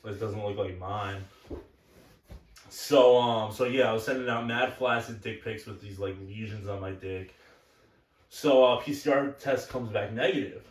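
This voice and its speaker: A man's voice: fairly low pitch, unhurried. A young man telling crude stories on a casual podcast, rambling and blunt. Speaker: podcast co-host. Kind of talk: casual chat. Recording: echoey room from far off.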